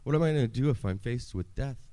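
A man in his forties tells his life story in an earnest, heartfelt way, now and then acting out what he once pleaded. His voice sits at an ordinary middle pitch. The sound is close and dry. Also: expressive, fast, mellow, no echo. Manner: earnest storytelling, acts out his own past pleas. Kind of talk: personal testimony talk.

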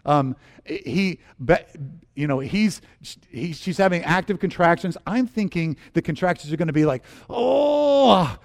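A middle-aged man preaching a sermon, telling personal stories with animated, acted-out moments and quiet earnest turns. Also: normal speed. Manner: animated storyteller, acts out scenes with sudden high exclamations. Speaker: pastor.

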